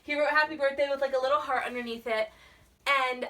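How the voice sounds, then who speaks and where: A young woman vlogger telling a story in a gushing, excitable way, full of "like". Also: sits high, fast talker, far from the mic. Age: young adult. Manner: gushing, excitable, heavy use of "like". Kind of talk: casual storytelling.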